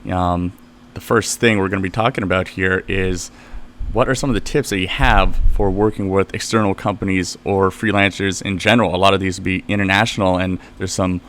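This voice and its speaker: A man's voice: low-pitched, steady tone, fairly quick, a bit bright, a little hiss or hum. A man hosting a podcast interview, talking in a casual, chatty way and laughing easily as he introduces topics and asks questions. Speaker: podcast host.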